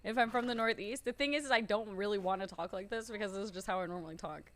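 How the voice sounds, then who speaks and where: A woman's voice: medium pitch, fast talker, fairly bright tone. A woman streamer chatting casually while setting up a role-play character, frank, self-mocking and swearing freely.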